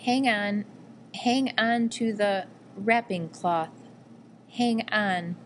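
A woman's voice: mid-range voice, drawn-out words, a little hiss or hum. A woman reading the lines of a frail, dying mother who speaks faintly and breathlessly. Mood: weary.

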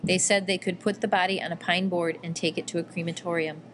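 A woman narrating a first-person memoir in a measured, quietly emotional reading. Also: lowish voice, steady tone, a little hiss or hum. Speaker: audiobook reader.

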